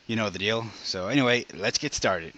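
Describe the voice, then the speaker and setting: A man's voice: on the low side, pushed and bright, lo-fi sound, faint music behind. A man hosting a reaction video, chatting casually in an easygoing way. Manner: easygoing, chatty, quick to laugh along.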